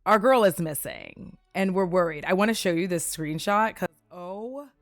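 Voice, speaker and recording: A woman's voice: on the low side, normal speed, dry recording, clean studio sound, soft background music, close to an everyday voice. A woman voicing a sassy, scheming female city leader who talks in a gossipy, profane way.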